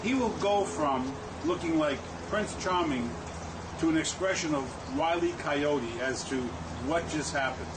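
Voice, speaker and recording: A man's voice: on the high side, unhurried. A man giving preachy, folksy advice in a monologue clip. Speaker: advice video speaker. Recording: distant mic with clear background noise.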